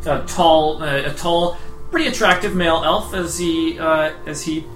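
A man running a tabletop game as game master, describing scenes haltingly with many fillers. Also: fairly high pitch. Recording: roomy echo, faint music.

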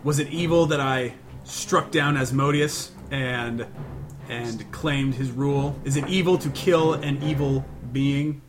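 A man's voice: medium pitch, steady tone, a little slow, noisy background, natural voice. A man voicing a male adventurer who stammers and falters. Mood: defiant. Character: male adventurer, defiant then panicking.

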